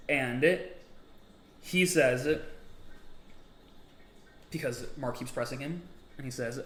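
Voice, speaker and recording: A man co-hosting a casual book discussion, retelling the plot and acting out the characters' lines in quick asides. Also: mid-range voice, a bit bright. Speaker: podcast co-host. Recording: roomy echo.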